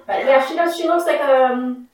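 Woman, podcast co-host; easygoing, agreeable, clear crowd noise behind. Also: sits high, normal speed. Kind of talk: casual chat.

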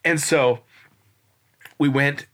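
A man's voice: a little high, steady tone, extremely slow, a bit bright. A man in his forties, a podcast guest, earnestly telling a personal story in a rambling way, full of restarts and fillers. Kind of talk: casual storytelling interview.

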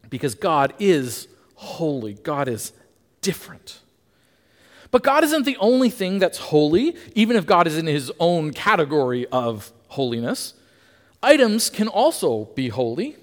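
Male preacher with a bright, swooping delivery and a conversational sermon style, heard in a church hall with a lingering echo. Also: high voice, normal speed. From Canada. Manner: lively, emphatic, asks the congregation questions.

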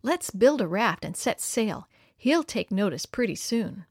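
A woman's voice: medium pitch, very animated, unhurried, a little mellow, husky, dry recording, studio quality, heavily acted. A woman voicing a cocky boy who taunts his friend with sarcastic jeers. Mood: scheming. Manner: sarcastic, mocking.

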